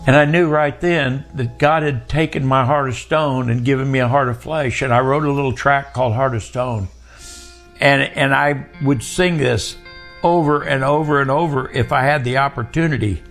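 A man's voice: mid-range voice, fairly bright tone, faint music behind. An older man telling a personal faith testimony in a plain, earnest way. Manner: plain, earnest storytelling, slow at times. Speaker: guest storyteller.

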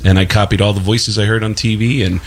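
A male voice actor from the Bronx with no regional accent, telling animated stories as a talk show guest and laughing through them. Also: on the low side, fast talker, husky. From Bronx, New York.

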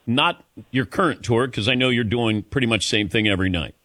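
A man hosts a radio interview, chatting casually with his guest, laughing readily and keeping his questions short. His voice is bright and forceful, recorded dry and close. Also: medium pitch, fairly quick, no echo.

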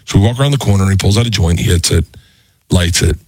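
A comedian in his thirties telling a rambling, animated, self-mocking story in casual chat. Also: low voice, fast talker, husky, dry recording.

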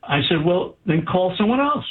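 A man's voice: sits high, normal speed, husky. A man, a doctor being interviewed, telling a story with animation and acting out the dialogue. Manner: animated, acts out quoted dialogue. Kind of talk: anecdotal storytelling. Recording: tinny phone-like line.

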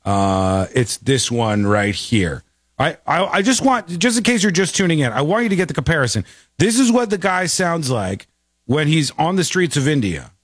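A man hosting a casual reaction chat, animated and repeating himself as he talks. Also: fairly high pitch, moderate pace, dry recording, clean studio sound. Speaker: show host.

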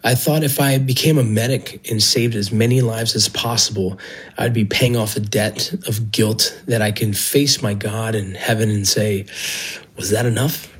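A man's voice: fairly low pitch, steady tone, normal speed, fairly bright tone, slightly rough, rough recording. A man, a former Border Patrol agent and medic, earnestly telling his own story with feeling. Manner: earnest, emotional, with restarts. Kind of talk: personal storytelling.

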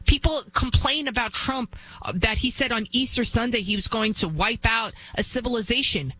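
A woman's voice: on the high side, normal speed, pushed and bright, low-quality recording. A woman hosting a talk show, delivering an emphatic, blunt monologue that repeats its points and keeps asking "right?".

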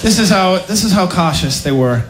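A man's voice: sits high, expressive, moderate pace. A man performing a stand-up comedy set with a wry, self-deprecating delivery. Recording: roomy live club recording with loud noise.

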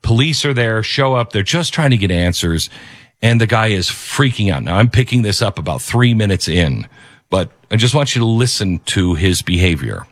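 A man's voice: fairly low pitch, sing-song, normal speed, no echo, clean studio sound. Emphatic male commentary host. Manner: emphatic, repeats key phrases. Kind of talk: opinionated commentary.

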